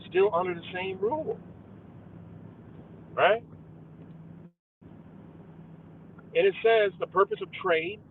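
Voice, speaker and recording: A young man rants on a live stream in a heated, profane, conspiratorial monologue, his voice sitting a little high. The sound is thin and phone-like, with a faint hum of a car behind him. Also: takes it slowly, pauses often. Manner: profane, heated, conspiratorial, addresses viewers as guys. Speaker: livestream host. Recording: tinny phone-like audio with faint car noise.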